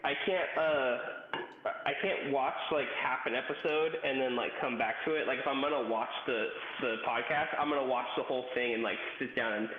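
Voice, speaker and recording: A man's voice: medium pitch, fairly even intonation, brisk. A man co-hosting a podcast in casual chat, talkative and full of restarts and fillers. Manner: chatty, restarts a lot, filler-heavy. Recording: roomy, dull, slightly noisy mic.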